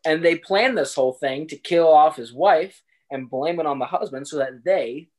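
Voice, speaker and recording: A man's voice: a little high, normal speed. A man on a casual podcast, retelling a film's plot and acting out the characters' lines in put-on voices. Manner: animated, acts out characters' lines in put-on voices and laughs often. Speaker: podcast co-host. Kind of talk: casual chat retelling a film.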